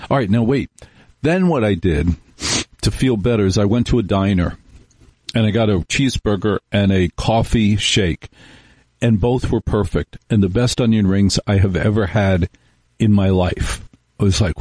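Middle-aged man, radio talk host, low and husky, dry studio sound, wry rambling monologue. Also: moderate pace, darkish tone, dry recording. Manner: rambling, wry, storytelling with acted-out quotes. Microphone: studio microphone.

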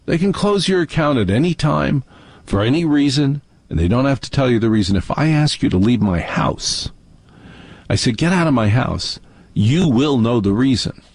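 A man's voice: medium pitch, animated, moderate pace, darkish tone, slightly rough, dry recording. A man hosting a call-in radio show, ranting with indignant sarcasm. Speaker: radio talk show host. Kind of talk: talk radio monologue and call-in.

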